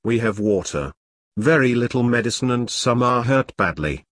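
A man's voice: medium pitch, animated, moderate pace, a bit bright, no echo, clean studio sound. A man voicing a young male soldier who interprets for his captured unit, speaking careful, formal, broken English. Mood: wary.

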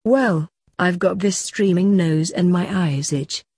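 Lady reading as a doom-laden little bear guy, mopey and moaning, low, dry sound. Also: slow pace, a little mellow, breathy edge, no room sound. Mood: gloomy. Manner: mournful, moaning. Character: gloomy worried male teddy bear.

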